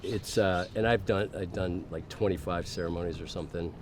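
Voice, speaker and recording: A man's voice: low voice, fairly even intonation, brisk, background noise. A middle-aged man telling a personal story as a podcast guest in a casual interview, candid and swearing freely, acting out the voices of the people he quotes.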